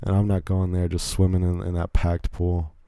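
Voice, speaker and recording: Low, dark-voiced young man rambling. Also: completely flat delivery, normal speed, clean tone, dry recording. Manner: rambling, self-deprecating, many restarts. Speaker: podcast host. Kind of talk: casual monologue.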